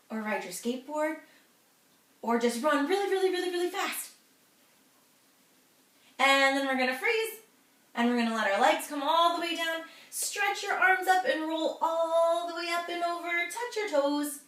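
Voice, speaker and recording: A woman's voice: high voice, lively intonation, moderate pace, fairly bright tone. A woman guiding a children's yoga class, cheerful and encouraging as she talks the kids through each pose. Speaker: kids' yoga instructor. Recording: echoey room, voice from a distance.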